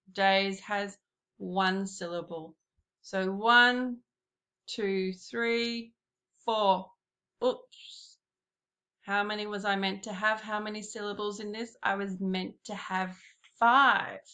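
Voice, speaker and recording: Woman, primary school teacher, unhurried, bright tone. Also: mid-range voice. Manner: slow, patient, addresses pupils directly. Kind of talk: classroom lesson.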